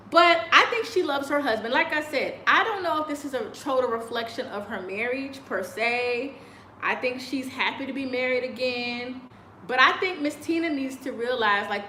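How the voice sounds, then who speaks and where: A vlogger with a high, bright, forceful voice talks casually and sassily on a live video, laughing often. The sound is roomy with slight background noise, coming through a video call on a choppy connection.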